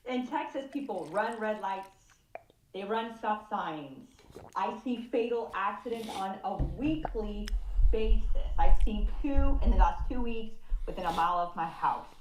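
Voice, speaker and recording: Woman from California in her thirties, mid-pitched, loud and animated, swears freely, roomy video-call audio. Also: measured pace, slight background noise. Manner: animated, swearing, laughing storyteller. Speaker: group participant sharing. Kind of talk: casual group video call share.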